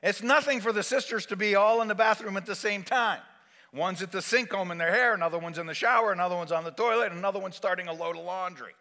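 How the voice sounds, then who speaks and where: A man doing animated stand-up storytelling that acts out each scene. His voice is high and bright. It carries the long reverb of a large hall. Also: fast talker. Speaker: stand-up comedian.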